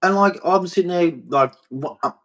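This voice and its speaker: A man's voice: high-pitched, moderate pace, fairly bright tone. A man, ranting bluntly and scornfully in commentary to the camera. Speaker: vlogger.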